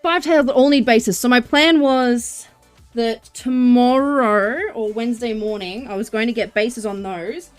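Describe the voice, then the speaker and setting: A high-pitched woman chats away on a live stream while she works on crafts. She is bubbly and excitable and cheers when she greets viewers. Soft music plays faintly behind her. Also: measured pace. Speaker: livestreamer.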